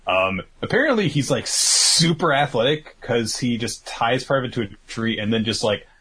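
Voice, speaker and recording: A man's voice: medium pitch, lively intonation, normal speed, pushed and bright, husky. A man casually recapping a story in a rambling, filler-heavy way. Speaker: podcast host recapping manga. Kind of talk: casual chat.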